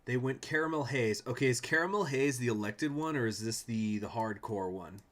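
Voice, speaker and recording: A man's voice: medium pitch, moderate pace, fairly bright tone. A man streaming a strategy game from home, reading event text aloud and rambling to his chat with jokey asides. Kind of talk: casual gameplay commentary, reading event text.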